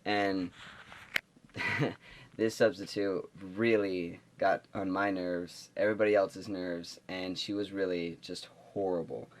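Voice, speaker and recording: A man's voice: deep voice, steady tone, slow pace, a little hiss or hum. A young man vlogging, telling a school story in a rambling, exasperated way. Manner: rambling, exasperated, lots of fillers. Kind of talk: casual storytelling to camera.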